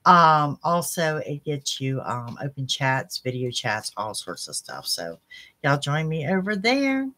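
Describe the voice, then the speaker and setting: A woman reading tarot cards for her viewers in an animated, chatty way, talking straight to them. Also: sits low, unhurried, no room sound. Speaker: psychic tarot reader.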